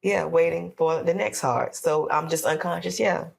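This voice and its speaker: A woman's voice: low voice, steady tone, normal speed, gravelly. A woman from Florida telling an emotional personal story on a podcast, acting out her prayers and what others said. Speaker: podcast guest.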